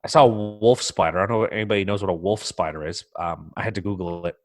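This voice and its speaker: A man's voice: low voice, steady tone, fast. A man co-hosting a casual podcast from a remote computer mic, telling stories with lots of swearing and acting out his own alarm. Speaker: podcast co-host. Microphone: computer mic, remote call.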